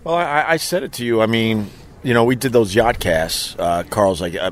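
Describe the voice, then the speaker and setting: A man's voice: lowish voice, normal speed, slight background noise. A man hosting a casual podcast chat, easygoing and hesitant with plenty of fillers. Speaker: podcast host. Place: outdoors, then in a car.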